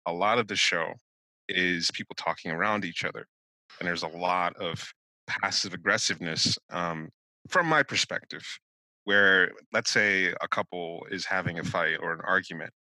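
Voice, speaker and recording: Deep-voiced man, bright and dry. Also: no room sound, poor audio. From United States. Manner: reflective, measured, thinks aloud. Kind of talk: casual discussion.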